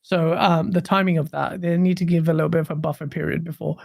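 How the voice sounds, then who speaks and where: A gaming stream co-host ranting casually, animated, swearing and laughing often. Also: mid-range voice, quick pace, vocal fry, dry recording, studio quality.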